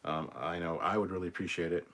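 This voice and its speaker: Deep-voiced British man chatting on a livestream. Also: fast talker. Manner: excited, rambling, many ums and laughs. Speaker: livestream host. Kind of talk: casual livestream reaction chat.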